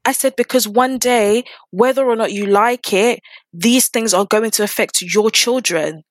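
A woman's voice: on the high side, unhurried, dry recording. Impassioned woman firing rhetorical questions. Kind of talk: casual discussion.

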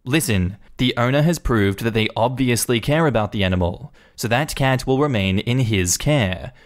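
A man's voice: mid-range voice, moderate pace, close to an everyday voice. A man doing a firm animal control officer. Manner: firm and no-nonsense.

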